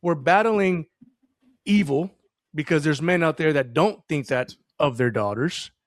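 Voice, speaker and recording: A man speaks earnestly as a podcast guest, slipping into animated storytelling. His voice sits a touch high. The sound is dry and close to the mic. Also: measured pace, no echo. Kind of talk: casual podcast conversation.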